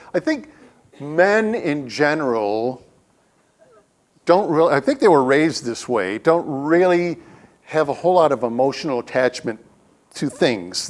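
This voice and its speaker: A man, a guest speaker, giving a conversational sermon in a church with humorous stories. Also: a little high. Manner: humorous storytelling, acts out quotes. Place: church sanctuary.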